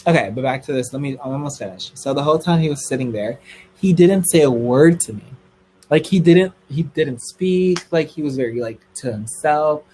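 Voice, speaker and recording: A young man telling a story on a livestream in a casual, gossipy way, swearing freely and squealing high when excited. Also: normal speed, slight background noise, low-quality recording.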